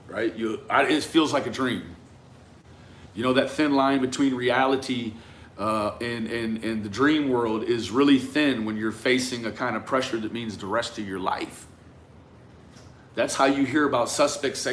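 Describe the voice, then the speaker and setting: A man talking through a case in a reflective, conversational monologue, often tagging his points with a questioning "right?" and trailing off into quiet asides. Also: medium pitch, normal speed, slight background noise. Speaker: commentator on a true-crime case. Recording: roomy echo with faint ambience.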